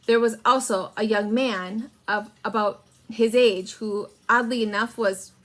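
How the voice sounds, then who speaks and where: Woman, teacher, read-aloud narration, slightly high voice, slow, clear. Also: fairly even intonation, fairly bright tone.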